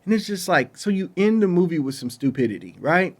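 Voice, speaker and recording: A man's voice: high voice, big pitch swings, a little fast. A man giving a casual spoken film review, exasperated and ranting, with loose colloquial phrasing and frequent restarts. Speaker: movie reviewer.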